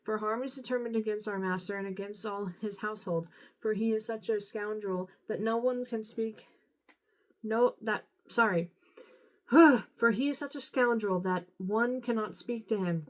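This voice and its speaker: A tired woman reading scripture aloud, unhurried, now and then stumbling and apologizing. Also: medium pitch, rough recording. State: tired, yawning. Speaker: Bible reader.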